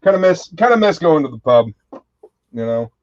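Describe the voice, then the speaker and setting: A man with a fairly high voice and big pitch swings hosts a casual live chat at normal speed. He tells rambling, profane stories and laughs often, and the recording has a dull, dry lo-fi sound.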